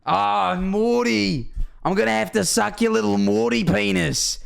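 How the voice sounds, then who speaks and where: A man's voice: sits high, unhurried, gravelly, clear, resonant tone, pitched above the performer's own voice, exaggerated voice. A man voicing Rick, a rude old male cartoon scientist, with a put-on Australian accent. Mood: mocking.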